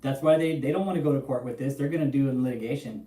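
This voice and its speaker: Young male streamer, profane and chatty, mellow tone, off-mic in a roomy space. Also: mid-range voice, racing, distant mic. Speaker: livestream host. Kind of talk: casual livestream commentary.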